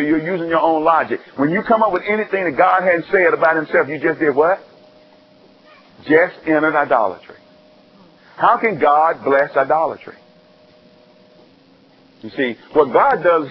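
Guy preaching, kinda high voice, gets all animated telling stories, a bit muffled with faint hiss. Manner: animated storytelling, rising high and loud when excited. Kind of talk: sermon.

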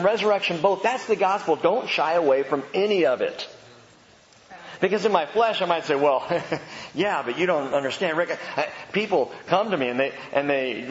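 Brief: male pastor, fairly high voice, emphatic, jokey sermon in a big echoey hall, dull lo-fi sound. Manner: animated, emphatic, joking asides.

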